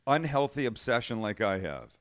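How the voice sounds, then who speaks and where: A man hosting a relaxed studio chat show. He talks in a self-deprecating, animated way, acting out little scenes in borrowed voices. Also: mid-range voice, normal speed. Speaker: show host.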